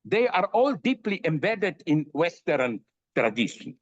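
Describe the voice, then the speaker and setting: A man's voice: fairly high pitch, sing-song, measured pace, no room sound. An older man philosopher talking in an interview, emphatic and full of fillers and restarts. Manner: emphatic, many fillers and restarts, tells jokes. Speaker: philosopher guest. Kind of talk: animated interview talk. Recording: dull dry audio.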